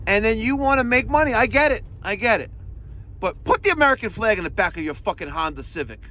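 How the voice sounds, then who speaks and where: Foul-mouthed guy from new york ranting in his car, voice jumping all over, bit high. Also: quick pace. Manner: profane, ranting, animated. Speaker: plumbing and heating technician. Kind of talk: driving vlog rant. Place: in a car, driving.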